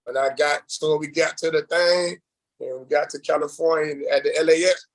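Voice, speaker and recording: A reality show contestant tells his story in a loose, casual interview, his voice a little high and his speed normal. Animated and rambling with plenty of fillers, he acts out the voices of people he quotes. The audio is poor.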